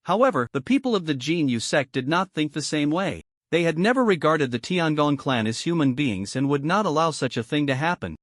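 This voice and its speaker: A man tells a fantasy tale as a scripted recap narrator. His voice sits a little high and moves around a lot in pitch. The sound is dry and close, with no room around it. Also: sing-song, a little fast, no echo.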